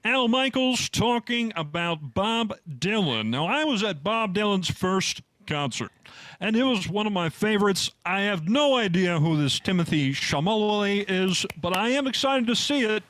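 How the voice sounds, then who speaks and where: A man impersonating an upbeat older TV sportscaster, announcing in a smooth broadcast manner. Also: high-pitched, expressive, normal speed, fairly bright tone, no room sound, voice pushed up.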